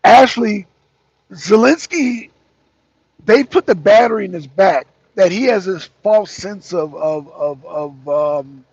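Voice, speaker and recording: A man's voice: sits high, expressive, takes it slowly, gravelly, a little mellow, husky, dry recording, lo-fi sound. A man co-hosting a talk show, giving heated political commentary in an emphatic, repetitive way with mocking asides. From United States.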